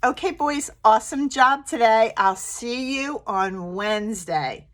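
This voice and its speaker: Woman, preschool teacher, slow and lively, sing-song, fairly high voice, reading aloud to little kids. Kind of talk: remote lesson and picture-book read-aloud for young children.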